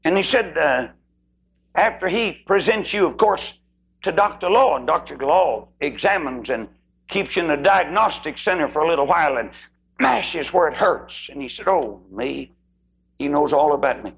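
A male preacher with a gravelly, husky voice delivers a sermon. He swings between loud, emphatic declarations and hushed asides, and his pitch leaps around over a fairly high baseline. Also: expressive, moderate pace, muffled recording.

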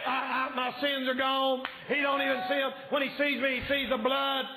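A man preaching a fervent revival sermon in a church, shouting and yelling as he preaches, his voice a little strained. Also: very high-pitched, level tone, normal speed, reverberant, background noise. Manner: yells and shouts when preaching. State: slightly strained voice. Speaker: evangelist preacher. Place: church sanctuary.

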